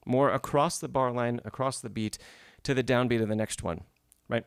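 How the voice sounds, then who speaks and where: A man's voice: medium pitch, fairly even intonation, moderate pace, few pauses, clean tone, no room sound, studio quality. A man teaching piano in a live masterclass, explaining phrasing patiently and checking in often with the student. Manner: patient, explanatory, frequent "right?" and "yes?" check-ins. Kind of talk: live-streamed masterclass feedback.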